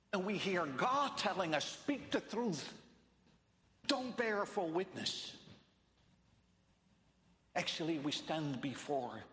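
A man preaches in a high, lively voice that climbs and falls, taking his words slowly. He hammers his points through repetition, swinging from hushed to loud. The sound rings through a large hall with a long echo. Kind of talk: sermon. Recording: echoey hall with long reverb.

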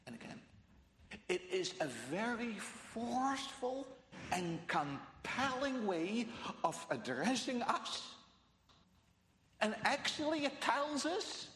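A man preaches in a high, lively voice that climbs and falls, taking his words slowly. He hammers his points through repetition, swinging from hushed to loud. The sound rings through a large hall with a long echo. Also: slight background noise. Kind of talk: sermon. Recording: echoey hall with long reverb.

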